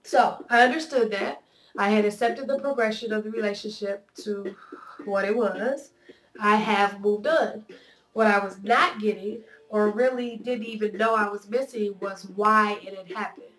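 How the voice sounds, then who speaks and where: Nasal with a cold, this woman's mid-range, fairly bright voice moves at a moderate pace. Her personal video blog is an earnest, candid monologue to viewers, and the echoey room leaves her sounding a little off-mic.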